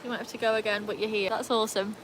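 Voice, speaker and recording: A woman's voice: mid-range voice, steady tone, very fast, slight background noise, poor audio. A woman with an English accent tinged with Welsh, chatting casually on a livestream and answering viewer comments from her backyard. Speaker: livestream host.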